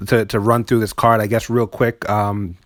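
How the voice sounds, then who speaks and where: A man hosting a podcast in casual chat, laughing often and talking in halting starts full of fillers. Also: fairly low pitch, little pitch movement, fairly bright tone, dry recording, studio quality. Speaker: podcast host.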